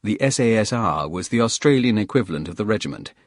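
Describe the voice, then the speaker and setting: A man narrating a thriller audiobook in a steady, plain storytelling manner. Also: on the low side, fast talker, no echo, clean studio sound.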